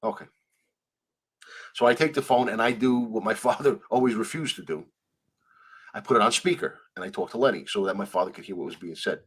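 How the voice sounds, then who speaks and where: A man's voice: lowish voice, a little fast, pauses often, slightly rough. A man telling a story in a conversational interview, acting out the people he quotes and swearing freely. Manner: animated, acts out quoted dialogue, swears freely. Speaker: guest.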